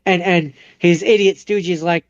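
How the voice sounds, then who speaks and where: A man's voice: sits high, no echo, lo-fi sound. Chatty man retelling a movie plot. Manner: animated retelling, acting out characters in quick impressions. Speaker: podcast co-host.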